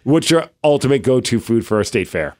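A man's voice: mid-range voice, very animated, fairly quick, a little mellow. A man co-hosting a podcast in casual chat, rambling through ideas and poking fun at himself. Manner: rambling, self-deprecating. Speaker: podcast co-host.

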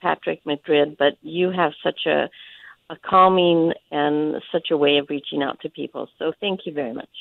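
A woman calling in to a radio show, speaking warmly and gratefully. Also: sits low, steady tone, moderate pace, gravelly, dry recording. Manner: warm, grateful. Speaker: caller. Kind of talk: call-in radio talk. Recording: dry phone line.

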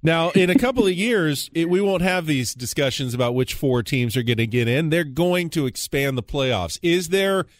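Brief: male radio host, a touch high-pitched, dry close studio sound. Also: normal speed, hardly any pauses, no room sound. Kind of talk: sports radio hosting.

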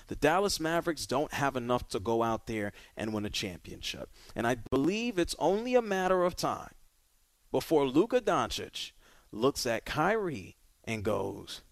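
A man's voice: mid-range voice, dry recording. A man hosting a sports talk radio show, delivering an opinionated monologue with emphatic, punchy repetition.

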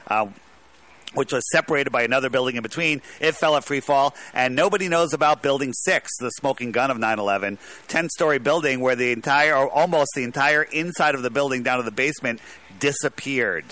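Male caller, emphatic and rambling, tense bright timbre. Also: mid-range voice, brisk. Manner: rambling, emphatic, restarts a lot. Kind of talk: casual talk radio call.

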